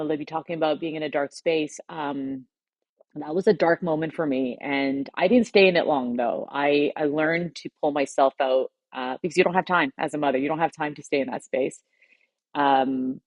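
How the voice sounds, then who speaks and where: Low-pitched woman guest, heartfelt, kinda choked up, dry dull audio. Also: no room sound. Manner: heartfelt, pauses and chokes up while recounting. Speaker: podcast guest. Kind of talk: emotional personal storytelling.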